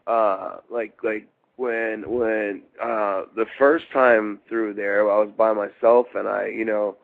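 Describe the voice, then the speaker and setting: A middle-aged man from Baltimore with a low, gravelly voice tells wandering wrestling-road stories. He is full of restarts and fillers. The sound is thin and phone-like. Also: fairly even intonation, slow pace. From Baltimore, USA. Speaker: interview guest, former wrestler. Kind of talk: rambling shoot interview storytelling. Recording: phone-like interview line.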